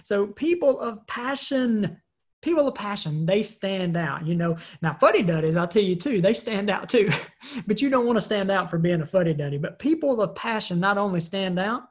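Energetic woman giving a motivational talk. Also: medium pitch, moderate pace. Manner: energetic, conversational, repeats words while speaking. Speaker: motivational speaker. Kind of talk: motivational talk with personal story.

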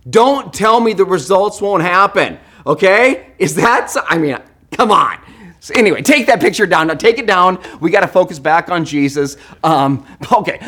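A man preaching a sermon in church, animated and joking, swinging between loud outbursts and hushed asides. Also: mid-range voice. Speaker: pastor.

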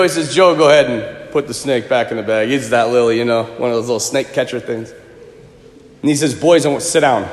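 A man preaching a sermon, telling a story in a lively, conversational way and acting out the quotes. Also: a little high. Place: church. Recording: echoey church with long reverb.

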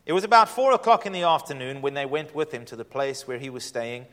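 A male pastor preaching a sermon in an earnest, inviting way, moving between hushed and emphatic delivery. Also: mid-range voice, fast. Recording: long hall reverb.

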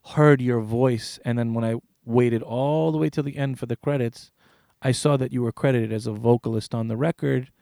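A man hosts a podcast interview in a casual, unhurried way. His voice sits at an ordinary middle pitch and sounds dry and close, with no room around it. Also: steady tone, vocal fry, warm tone, dry recording. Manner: laid-back, swears casually. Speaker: podcast host.

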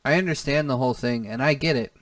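A man's voice: mid-range voice, fast, no room sound, recorded from a distance. A man co-hosting a comedy podcast, talking in casual, profane chat and laughing often. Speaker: podcast co-host.

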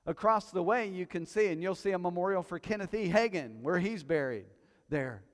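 A male pastor preaching a sermon to his congregation, telling stories with quiet asides that build to loud, emphatic peaks. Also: high-pitched, lively intonation, normal speed. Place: church hall before a congregation. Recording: long hall reverb.

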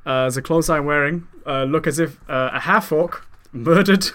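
A man's voice: a little high, moderate pace, a bit bright, close to an everyday voice. A man voicing a fancy, well-to-do male half-orc fighter in a put-on German accent, during a tabletop role-play. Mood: proud.

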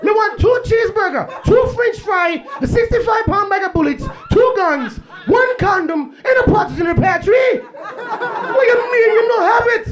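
A man voicing a pushy male fast-food customer with a Jamaican accent, shouting his order. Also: very high-pitched, lively intonation, a faint crowd, pitched above the performer's own voice. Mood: demanding. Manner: loud, brash, pushy.

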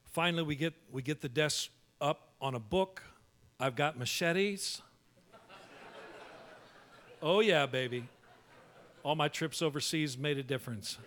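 A male pastor telling a humorous story in a sermon, animated and full of quick restarts. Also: fairly high pitch.

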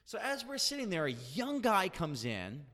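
A man's voice: high voice, moderate pace, big-room sound. A man telling a long anecdote in casual chat, acting out the quotes of the people in it. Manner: animated storyteller, acts out quotes.

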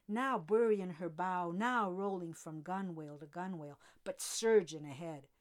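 Woman reading a novel dramatically. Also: fairly low pitch. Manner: dramatic, expressive first-person reading. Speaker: reader. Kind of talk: scripted narration of a novel.

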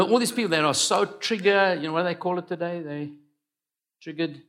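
Pastor preaching, bright voice, gets loud then drops real quiet. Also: male voice, high voice, animated, moderate pace. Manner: emphatic, swings between loud declarations and quiet asides. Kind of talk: sermon.

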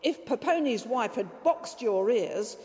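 A woman's voice: a little high, lively intonation, a little slow, warm tone, big-room sound. Woman voicing a stern, scolding Lord. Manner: severe, scolding. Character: stern, irritable Lord speaking to a priest.

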